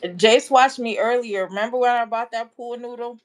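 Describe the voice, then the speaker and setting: A woman in a casual livestream chat, making quick comments and talking to people off camera. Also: fairly high pitch, fairly even intonation. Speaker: livestream co-host.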